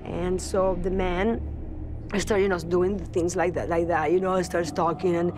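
Woman, interview testimony, lowish voice, stop-start delivery with frequent restarts, music bed underneath. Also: flat delivery. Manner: halting, repeats words and restarts often. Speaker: celebrity guest recounting a ghost story. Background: background music.

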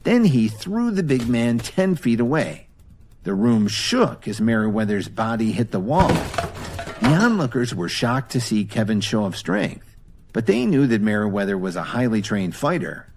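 A man narrating an audio drama in a dramatic, expressive storytelling manner. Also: fairly low pitch, normal speed, slight background noise.

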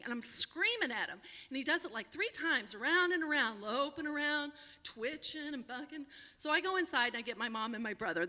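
Lady in her 40s doing live storytelling, high bright voice, lots of laughing, reverby hall. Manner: animated, laughing often. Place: small venue with a live audience.

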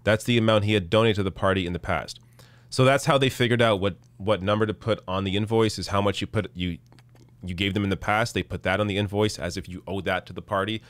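A man hosting a live news commentary stream, reading news quotes and reacting with indignant sarcasm, his voice going hoarse. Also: on the low side, fairly even intonation, fast, no room sound. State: losing his voice. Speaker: political commentary host.

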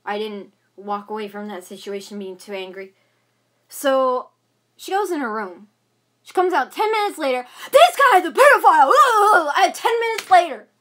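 A woman's voice: a little high, expressive, moderate pace. A young woman of about twenty venting angrily on her vlog, talking in rambling bursts full of fillers and repeats. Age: young adult. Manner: agitated ranting, many fillers and repeats. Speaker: vlogger.

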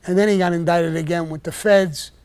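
Telling stories casually on a live stream, this older podcast host is blunt and profane and gets fired up in his rants. He speaks briskly in a fairly high, steady voice whose tone is clean and somewhat dark.

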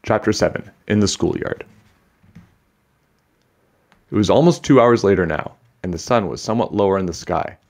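A man reading a children's book aloud with steady, expressive storytelling. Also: deep voice, normal speed, long pauses.

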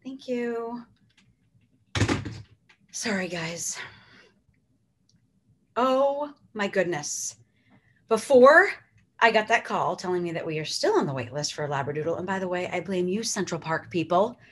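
A middle-aged woman emceeing a charity auction from home, effusive and chatty with quick asides. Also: on the low side, lively intonation, a little hiss or hum. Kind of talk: casual live-stream hosting.

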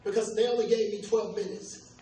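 A man's voice: high voice, steady tone, background noise. An older man performing live stand-up comedy, joking loosely and teasing the crowd, his voice worn from weeks of touring. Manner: loose, playful crowd work with quick asides to the audience. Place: comedy club stage before a live audience. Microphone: handheld stage mic. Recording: echoey club recorded from a distance. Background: audience laughter and room ambience.

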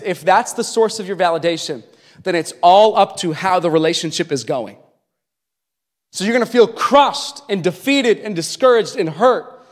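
A man preaching a sermon as pastor, with impassioned delivery that swings from loud to hushed. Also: sits high. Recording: long reverb of a large hall.

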